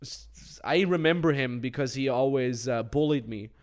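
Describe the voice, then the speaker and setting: A man's voice: medium pitch, normal speed. A man hosting a casual podcast as a business coach, telling stories animatedly and acting out what other people said. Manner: animated storytelling with acted quotes.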